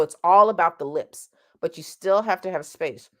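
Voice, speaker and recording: A woman's voice: fairly low pitch, moderate pace, hardly any pauses, fairly bright tone, dull audio. A woman teaching a singing lesson, explaining vowel sounds and singing short vowel demonstrations between her explanations.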